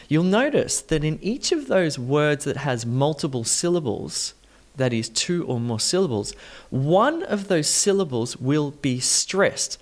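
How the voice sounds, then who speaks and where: A man's voice: on the high side, big pitch swings, unhurried. A man teaching English pronunciation in an online lesson, talking emphatically and with enthusiasm, stressing words to demonstrate them.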